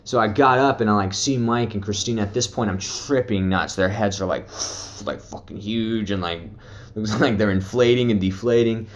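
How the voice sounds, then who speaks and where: A man's voice: on the low side, moderate pace. A young man casually telling a story as a vlogger, loose and profane, laughing often and full of fillers. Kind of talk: casual storytelling, trip report.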